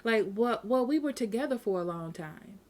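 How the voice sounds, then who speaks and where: A woman's voice: a little high, expressive, moderate pace, darkish tone. Blunt, repetitive woman giving a tarot reading. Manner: frank and repetitive, often adding "okay?". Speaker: tarot reader. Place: home.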